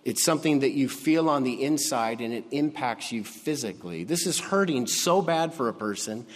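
A man preaching a sermon, slow and emphatic, dropping to a hush on key words, in a church sanctuary. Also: medium pitch, lively intonation. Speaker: pastor. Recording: long hall reverb.

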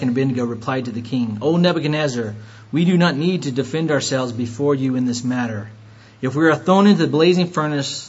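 A man preaching a sermon, retelling scripture with lively rhetorical questions to his listeners. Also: medium pitch, slightly rough, muffled recording. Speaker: pastor.

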